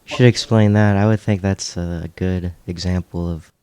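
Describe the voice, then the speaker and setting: A man interviewing a guest, prompting him with measured conversational questions. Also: deep voice, fairly even intonation, darkish tone, clear, resonant tone, no room sound.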